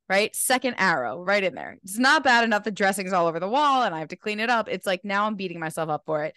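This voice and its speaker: A woman's voice: medium pitch, expressive, brisk, fairly bright tone, dry recording, studio quality. A woman speaking as a podcast guest and mindfulness teacher, talking earnestly and animatedly with many casual fillers. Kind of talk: casual conversational interview.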